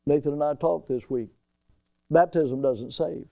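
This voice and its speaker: A middle-aged male pastor preaching a sermon in a church, with emphatic delivery that slows and rises on quoted scripture. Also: on the high side, gravelly, dark tone. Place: church sanctuary.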